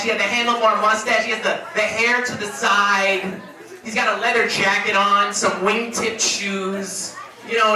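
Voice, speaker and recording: Animated man telling stories at a memorial. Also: sits high. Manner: animated, laughing storyteller who swears freely. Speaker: friend giving a eulogy. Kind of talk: memorial speech, casual storytelling. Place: room at a memorial gathering. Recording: echoey room, distant mic, crowd.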